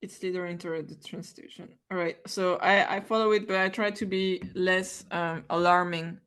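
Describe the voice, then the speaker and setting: A woman with a fairly low voice plays a tabletop game. She talks in an animated way, hesitates often and exclaims when things go wrong. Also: normal speed, clean tone. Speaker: player.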